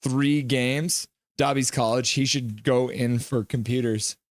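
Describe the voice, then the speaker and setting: A man hosting a live hockey reaction stream, reading chat messages aloud, joking and reacting loudly to goals. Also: medium pitch, unhurried, dry recording, studio quality. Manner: excitable, reads chat aloud and jokes.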